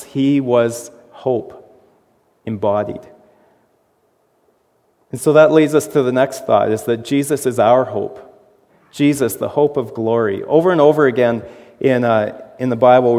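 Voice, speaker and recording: A man's voice: mid-range voice, mellow, in a large hall. A man preaching a sermon as pastor, in a conversational way, asking his listeners questions and laughing at his own asides.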